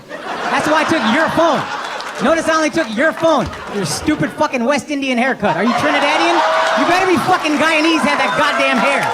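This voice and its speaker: Extremely high-pitched, a male comedian in his thirties works the room on a comedy club stage, brash and profane, poking fun at audience members through a handheld mic. The live recording is very noisy, thick with crowd laughter and clapping.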